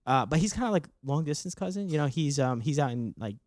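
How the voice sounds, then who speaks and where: A man's voice: a little high, lively intonation, quick pace, darkish tone, dry recording, clean studio sound. A man with a Staten Island accent, a podcast guest in casual chat, easygoing and agreeable. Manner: easygoing, agreeable, short replies.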